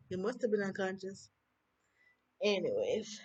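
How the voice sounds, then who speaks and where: A woman's voice: mid-range voice, animated, measured pace, long pauses, darkish tone. A woman with a Jamaican accent reviews a TV episode in a casual chat, talking animatedly with swooping emphasis and lots of rhetorical questions, recorded on a handheld phone. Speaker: TV review vlogger.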